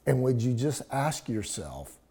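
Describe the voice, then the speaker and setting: A man preaching a sermon, telling a personal story in a hushed, emotional tone. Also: medium pitch, very animated, unhurried. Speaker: pastor.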